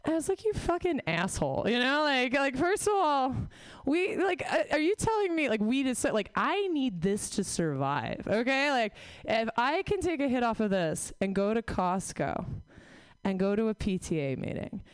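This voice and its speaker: Woman stand-up, 30s, swears freely and mocks herself, smooth clear voice, dry mic. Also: on the high side, big pitch swings, normal speed, dry recording. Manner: profane, self-deprecating, rambling. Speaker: stand-up comic. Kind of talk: stand-up set, casual riffing.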